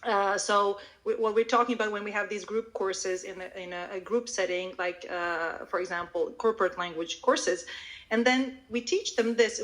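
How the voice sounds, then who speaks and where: A woman language teacher explaining her methods on a live audio call, animated and demonstrative, with frequent restarts. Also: medium pitch, low-quality recording. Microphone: online audio call.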